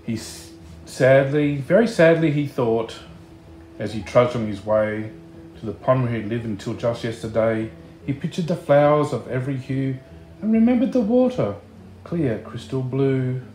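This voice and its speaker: A man reading a picture book aloud, slow and expressive, chatting to the listener between pages. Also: medium pitch, echoey room, soft background music. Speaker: storybook reader.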